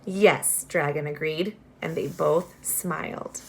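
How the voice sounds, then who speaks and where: Expressive woman reading a novel aloud. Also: fairly low pitch, unhurried, a little hiss or hum. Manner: expressive, with casual asides to listeners. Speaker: reader.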